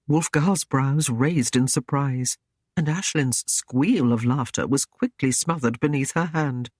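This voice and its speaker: A man narrating a historical romance audiobook in a measured, even storytelling manner. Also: fairly high pitch, no echo, studio quality. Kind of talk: scripted narration.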